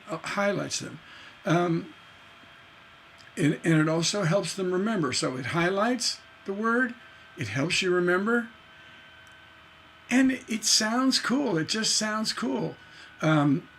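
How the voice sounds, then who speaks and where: A man's voice: high-pitched, a bit bright, a little hiss or hum. A man teaching songwriting in a livestreamed lecture, explaining syllable stress by tapping out rhythms aloud.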